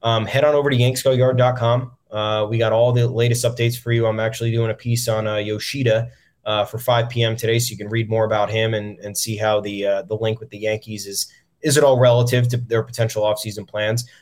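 A man's voice: fairly low pitch, level tone, brisk, a little mellow. Frustrated male sports podcast host. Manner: frustrated, swearing, many ums. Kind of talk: solo sports podcast commentary.

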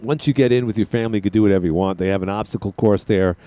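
A man's voice: on the low side, racing, warm tone. A man hosting a call-in radio show, chatting in a rambling, joking way with plenty of side tangents. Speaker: radio talk show host. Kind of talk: call-in talk radio chat.

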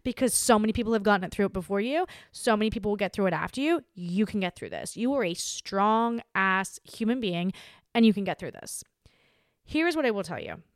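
A woman's voice: mid-range voice, fairly quick, no room sound, clean studio sound. A woman hosting her own podcast, talking candidly and animatedly in a casual chat straight to listeners. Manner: chatty, candid, animated, with frequent filler "like". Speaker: podcast host.

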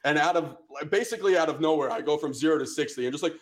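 A young man co-hosting a podcast, telling a story in casual chat with animated, profane energy. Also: fairly high pitch, quick pace. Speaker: podcast co-host.

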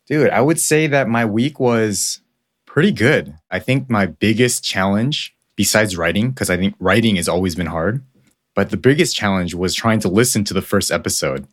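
A man co-hosting a podcast, telling stories in a relaxed, self-deprecating way. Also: lowish voice, normal speed. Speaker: podcast co-host. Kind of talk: casual podcast chat.

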